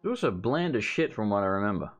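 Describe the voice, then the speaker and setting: A man's voice: on the low side, sing-song, quick pace, faint music behind. Sarcastic joking gamer man. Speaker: let's play host. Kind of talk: casual gameplay commentary.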